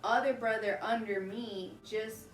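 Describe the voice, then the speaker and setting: A woman in her thirties with a higher voice tells a story animatedly at home, often laughing as she goes. She is picked up from a distance in a roomy space with faint ambience behind her. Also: fairly even intonation, unhurried, soft background music. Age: 30s. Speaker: vlog host. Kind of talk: casual storytelling.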